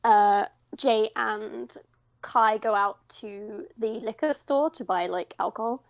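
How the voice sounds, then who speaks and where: A woman's voice: mid-range voice, slow pace, dry recording. A young British woman, a voice actress, chatting in an interview, rambling and self-deprecating with frequent laughter. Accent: British English. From United Kingdom. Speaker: voice actress guest. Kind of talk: casual interview chat.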